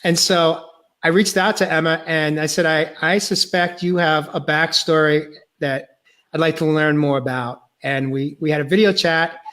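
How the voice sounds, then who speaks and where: A male podcast host sharing a personal testimony, earnest and halting, choked up and near tears. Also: on the high side, fairly even intonation, a bit bright.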